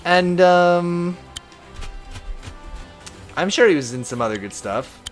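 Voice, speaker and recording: With faint music in the background, a man streams a strategy game live and reads his viewers' chat out loud in a chatty, animated way. His voice is high, and he takes it slowly.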